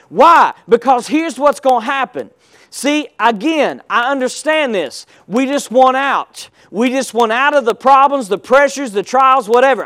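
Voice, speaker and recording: A man's voice: high voice, a bit bright, no room sound. A man preaching a sermon with call-and-response, rising and dropping his emphasis to rouse the congregation. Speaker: pastor.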